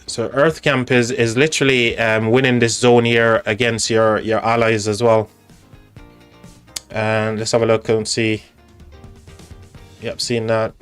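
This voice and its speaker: A man with an English accent hosting a live stream, chatting casually in a halting way with frequent restarts. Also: lowish voice, little pitch movement, fairly bright tone, clean tone, faint music behind.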